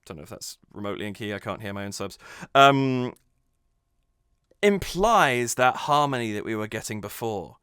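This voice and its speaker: A man's voice: medium pitch, animated, moderate pace, sharp tone, clean tone, no room sound, clean studio sound. A man hosting a music reaction channel, analysing a cover with enthusiasm and thinking aloud as he goes.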